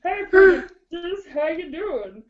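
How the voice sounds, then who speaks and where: A woman's voice: very high-pitched, unhurried, lo-fi sound. A woman voicing a cutesy little pet dog. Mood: sweet. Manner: cutesy, giggly, devoted to her mommy. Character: sweet pampered little female pet dog. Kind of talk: playful pet role-play on a chat show.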